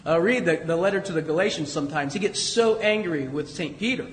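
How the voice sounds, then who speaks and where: A man's voice: fairly high pitch, fairly quick, reverberant, big-room sound, slight background noise, poor audio. A man preaching a sermon in a conversational way, with emphatic rises and asides. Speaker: pastor.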